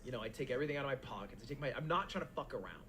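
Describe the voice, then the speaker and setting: A man telling a long anecdote in casual chat, animated and laughing as he goes. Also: medium pitch, rapid-fire, slight background noise. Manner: animated, laughing, with quoted voices. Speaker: podcast co-host.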